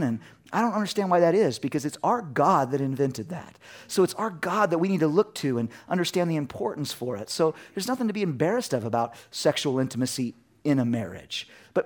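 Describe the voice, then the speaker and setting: A middle-aged man preaching a sermon as a pastor, telling lively personal stories and acting out his family's voices. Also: fairly high pitch. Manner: animated storytelling, acts out his family's voices.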